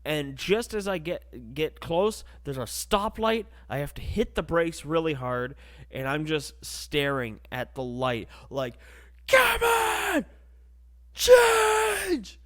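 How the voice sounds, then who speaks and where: A young man hosting a podcast, telling a crude comedic story and acting out the voices. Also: medium pitch. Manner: animated, crude, acts out voices. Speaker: podcast host.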